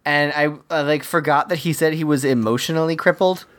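A co-host recapping a film scene by scene in a relaxed, chatty way. The voice sits at a middle pitch, and the speaker slips into quick impressions of the characters and laughs along the way. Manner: chatty storyteller, acts out quotes, laughs often. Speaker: podcast co-host. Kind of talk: casual movie recap.

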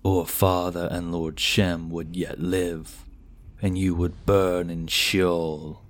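Grim vengeful knight, read by a man, deep, slow, low-key; storybook fantasy. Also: little pitch movement. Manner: slow, heavy, solemn delivery. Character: grim vengeful male knight, stern and bitter.

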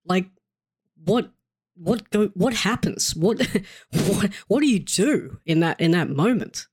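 Host, mid-pitched, rambling halting questions, casual. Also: animated, husky. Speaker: podcast host. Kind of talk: interview questions.

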